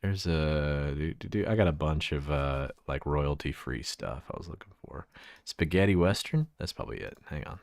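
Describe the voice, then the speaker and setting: A rumbling low, a little mellow voice belongs to a Central Texas man showing his avatar on a livestream at normal speed. He chats casually and profanely, laughing often as he fiddles with his setup.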